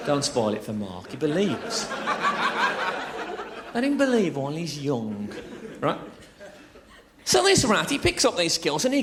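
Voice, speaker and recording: A man's voice: on the high side, background noise. A man from England doing a chatty, crude live stand-up routine on a theatre stage, teasing the audience and laughing at his own jokes. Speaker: stand-up comedian.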